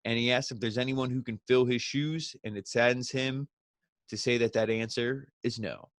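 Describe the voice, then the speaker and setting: A man casually recapping a wrestling show, sarcastic and ranting, jumping into quick mocking impressions of the people he talks about. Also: mid-range voice, steady tone, dry recording. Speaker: wrestling review host.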